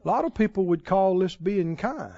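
Slow, high-pitched male preacher, dramatic booming-to-hushed delivery, dull dry recording. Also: lively intonation, gravelly, dry recording. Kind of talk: sermon.

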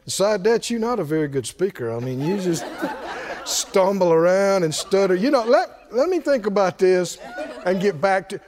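A preacher putting on a deity speaking lower and quieter than his own bright high voice, with a dry, drawling sarcasm that pretends to go along with every excuse. It comes out mock-agreeable and unhurried. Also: expressive, a crowd in the background. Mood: wry. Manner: drawling and wry, softer than his normal voice.

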